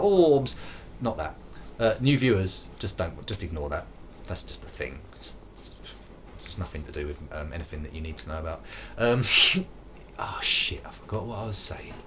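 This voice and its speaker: A deep yet slightly bright voice belongs to an English man in his thirties doing live gameplay commentary and chatting with viewers. Rambling and playful, he bursts into silly put-on voices; the lo-fi recording carries slight background noise.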